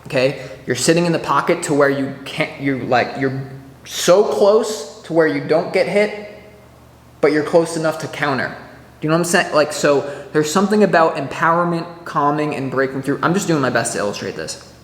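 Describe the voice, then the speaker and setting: A man giving a casual weekly tarot reading to camera, chatty and animated, full of restarts and filler words, acting out little scenes as he explains. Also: on the high side, moderate pace. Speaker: tarot reader. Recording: echoey room with long reverb.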